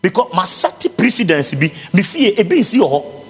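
Ghanaian male pastor, sermon; high, husky, swooping delivery that bursts into shouts, in a long-reverb hall with faint music. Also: very animated, fairly quick. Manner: impassioned preaching, breaking into shouts and sing-song.

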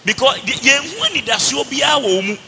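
A man with a Ghanaian accent preaching a fervent sermon in Twi and English, shouting declarations between playful asides. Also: extremely high pitch, expressive, moderate pace, in a large hall, background noise.

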